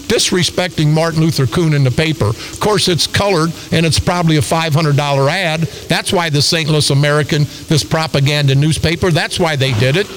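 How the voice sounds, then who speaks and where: A man's voice: on the high side, fairly bright tone, slight background noise, poor audio. An older man hosting talk radio, delivering an angry, combative, repetitive rant.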